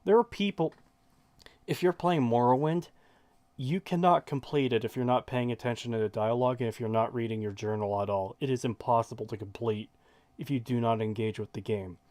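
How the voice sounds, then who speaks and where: A man's voice: mid-range voice, a little fast, darkish tone, no room sound. A male stream host rants heatedly and swears freely. His voice sits in a middle range and is recorded dry and close, with no room sound. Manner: heated, profane ranting. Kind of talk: reaction stream rant.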